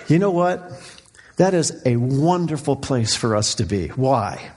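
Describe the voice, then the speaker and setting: A middle-aged man preaching a sermon as pastor, swinging from quiet, low passages to fervent, raised cries. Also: lively intonation, unhurried.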